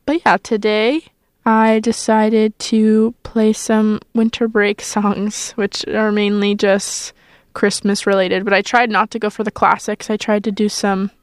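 A young college radio host in her twenties talks into a studio mic in a smooth, clear voice. Her chat is loose and rambling, full of fillers and little self-conscious asides. The sound is dry and close, with no room echo. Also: mid-range voice, flat delivery, measured pace. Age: 20s. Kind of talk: casual on-air chat.

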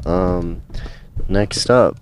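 A young man co-hosting a college radio show, chatting casually and telling stories with animated indignation. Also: low-pitched, extremely slow, a little hiss or hum. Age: young adult. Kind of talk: casual chat.

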